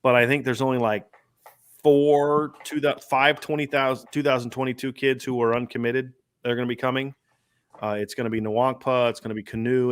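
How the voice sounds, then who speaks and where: A man's voice: medium pitch, fairly bright tone, clean tone. A man hosting a sports podcast, talking in an emphatic, rambling way with many restarts. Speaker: podcast host. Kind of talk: casual sports talk.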